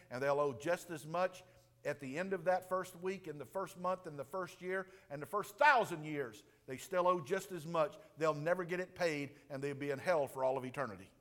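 High-voiced preacher in a reverberant room. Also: male voice. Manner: animated, swings from hushed to booming. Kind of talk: sermon. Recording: long reverb of a large room.

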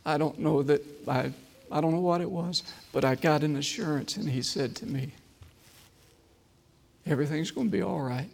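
A man delivers a sermon in a slightly high voice. He moves between loud, emphatic lines and hushed, slow, repeated phrases. A long reverb trails each word, as in a large hall. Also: steady tone, gravelly. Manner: dramatic swings from loud emphasis to hushed near-whisper. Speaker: preacher. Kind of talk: sermon with personal testimony.

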